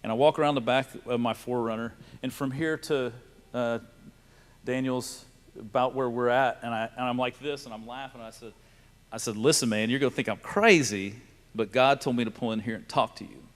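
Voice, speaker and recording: A man's voice: mid-range voice, steady tone, moderate pace. A man, telling a personal faith story to a live audience in a storytelling way. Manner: storytelling, laughing and tearful in places. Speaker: speaker sharing a testimony. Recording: reverberant hall.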